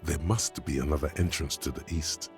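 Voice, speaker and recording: A man voicing the measured inner narrator of a detective video game. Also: rumbling low, soft background music. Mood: ominous.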